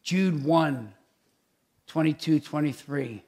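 A man who is a pastor, preaching a conversational sermon in an animated, chatty way with many asides. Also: fairly high pitch, slow.

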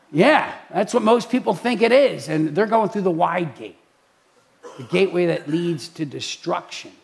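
A man preaching in a chatty way, telling stories with lively acted-out voices. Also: sits high, normal speed, vocal fry. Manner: animated storytelling, acts out quoted voices. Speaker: pastor. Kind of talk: preaching talk.

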